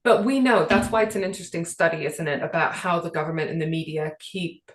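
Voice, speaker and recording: Woman co-host raised in Britain, earnest and emotional, slightly low voice, echoey room. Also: fast. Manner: earnest, emotional, many fillers. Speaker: podcast co-host. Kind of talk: casual chat.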